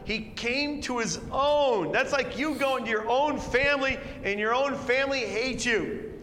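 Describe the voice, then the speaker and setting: A high-pitched man teaches an expository sermon in a church hall, pressing his points with emphatic, conversational rhetorical questions. His voice rings out with a long reverb, over a faint hum of room ambience. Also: unhurried, fairly bright tone. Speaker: pastor.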